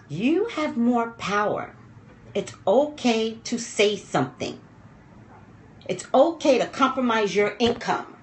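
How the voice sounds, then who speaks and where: A woman commentating on pop culture in a rambling, emotional livestream rant, dropping low and quiet when upset. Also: roomy sound, a little hiss or hum.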